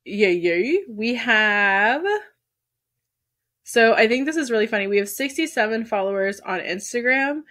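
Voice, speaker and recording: A woman's voice: fairly high pitch, normal speed, sharp tone. A woman co-hosting a casual podcast, chatty and giggly, often stopping herself mid-sentence. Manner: giggly, chatty, self-interrupting. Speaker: podcast co-host.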